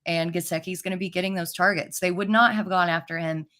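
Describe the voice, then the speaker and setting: Female sports panelist, low register, casual chatty delivery. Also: fairly even intonation, fast talker, fairly bright tone. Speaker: fantasy football analyst.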